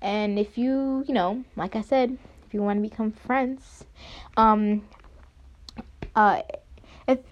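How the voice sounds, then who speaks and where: A woman's voice: medium pitch, steady tone, slow, long pauses. A young woman hosting a casual solo podcast, rambling with many fillers and restarts. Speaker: podcast host. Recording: dull lo-fi home recording.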